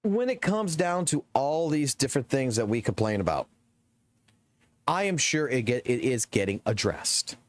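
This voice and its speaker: A man, a game streamer ranting excitedly and swearing heavily to his live chat. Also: mid-range voice, moderate pace, no echo. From Southern United States. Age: 30s.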